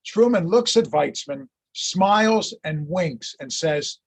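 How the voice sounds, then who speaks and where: A male lecturer tells history as a lively, chatty story, with a slightly husky voice. His pitch sits a touch above the usual for a man. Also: takes it slowly. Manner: animated, chatty storyteller who laughs at his anecdotes.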